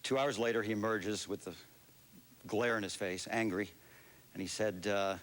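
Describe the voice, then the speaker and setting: A man looking back in an interview, telling a backstage story in a relaxed, anecdotal way. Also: on the low side, moderate pace, pauses often. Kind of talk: interview reminiscence.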